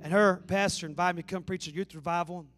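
A man's voice: high-pitched, fairly even intonation, quick pace, a bit bright, dry recording, soft background music. A man, preaching a sermon in a folksy, joking storytelling way. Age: 40s. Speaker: pastor. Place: church.

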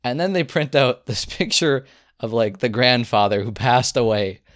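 A man co-hosting a podcast in casual chat, relaxed and mock-defensive, chuckling often. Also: mid-range voice, normal speed. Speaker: podcast co-host.

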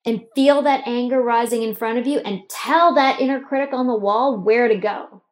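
A woman's voice: a little high, moderate pace. Emphatic woman coaching a guided exercise. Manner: coaching, emphatic, talks straight to the listener. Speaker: host guiding an exercise. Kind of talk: guided self-help exercise.

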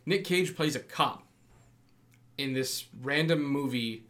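Young male podcast co-host, animated storyteller, mid pitch, casual. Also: takes it slowly. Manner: animated storyteller, acts out quotes, laughs often. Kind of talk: casual chat.

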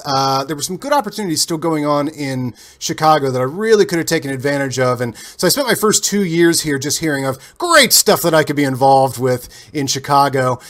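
A man from Cincinnati, a guest telling long, animated anecdotes with frequent restarts and self-corrections. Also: a little high, normal speed, hardly any pauses. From Cincinnati, USA. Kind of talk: casual interview storytelling.

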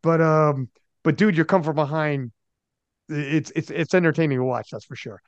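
A man hosting a podcast in casual, animated chat, slangy and fond of mimicking the people he talks about. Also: on the high side, normal speed, no room sound, muffled recording. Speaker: podcast host.

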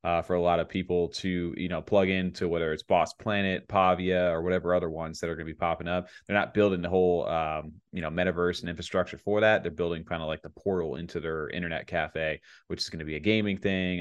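A man's voice: sits low, smooth. A man co-hosting a podcast in a casual, rambling way, with many fillers. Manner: rambling, laid-back, many fillers and laughs. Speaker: podcast co-host.

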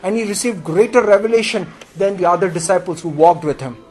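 A man's voice: brisk, darkish tone. A male preacher delivering a sermon in an emphatic call-and-response style, often asking the congregation questions. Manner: emphatic, with sudden jumps in pitch and volume.

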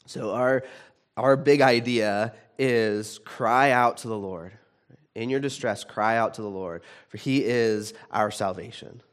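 A man preaching a sermon in a conversational way, with frequent restarts, who grows animated when he retells a story. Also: fairly low pitch, slow, clean tone. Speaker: pastor.

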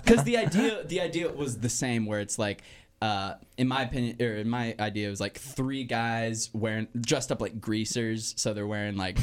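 A man's voice: mid-range voice, normal speed. A young man hosting a podcast, chatting casually about sketch ideas with a loose, rambling delivery. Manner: rambling, lots of fillers and restarts. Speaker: podcast co-host. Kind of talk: casual comedy chat.

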